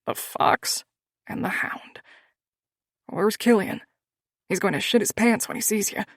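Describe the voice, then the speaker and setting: A gentle old male biker with a shaky, breathy voice, played by a woman reading an audiobook. He speaks fondly and softly, some words nearly whispered. The recording is dry and close. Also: mid-range voice, a little slow, dry recording.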